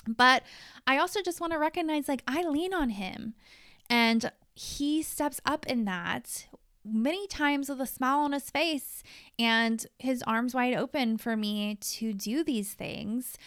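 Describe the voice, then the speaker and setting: Candid woman podcaster, smooth and dry. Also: high-pitched, fairly bright tone, no room sound. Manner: frank and confessional, with casual swearing. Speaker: podcast host. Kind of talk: candid personal monologue.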